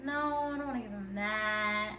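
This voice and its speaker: A woman's voice: mid-range voice, moderate pace, a crowd in the background. A young woman vlogger telling a candid personal story in a chatty, giggly way. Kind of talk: casual storytime chat. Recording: echoey room.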